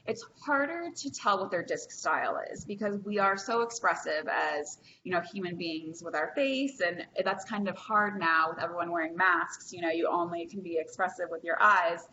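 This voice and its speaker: A woman's voice: on the low side, normal speed, few pauses, pushed and bright, a little hiss or hum. A woman presenting a training workshop over a video call, chatty and upbeat with frequent ums. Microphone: video call microphone. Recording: echoey, dull lo-fi video call.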